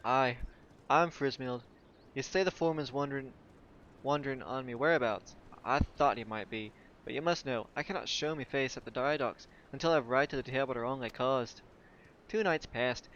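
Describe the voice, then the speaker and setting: A man's voice: medium pitch, fairly bright tone, dull audio, slight background noise, natural voice. A man voicing a flustered male dockhand in a fumbling put-on sailor accent, reading a game's dialogue. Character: flustered male dockhand, clumsy non-fighter.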